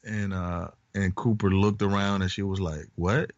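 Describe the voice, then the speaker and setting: A man's voice: low-pitched, normal speed, no room sound. A man co-hosting a podcast, recovering from covid, telling a family story in casual chat and laughing often. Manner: storytelling, animated, laughs a lot. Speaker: podcast co-host. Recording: dull lo-fi podcast audio.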